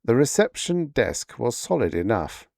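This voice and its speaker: A man reading an old science fiction story aloud as a sleep story, with slow, expressive narration. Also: medium pitch, gravelly, dry recording, studio quality.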